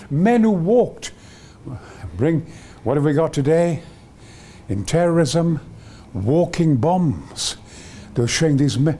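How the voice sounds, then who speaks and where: Older man in his 80s, rambling enthusiast, high-pitched with wide swings. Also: warm tone. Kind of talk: reminiscing storytelling.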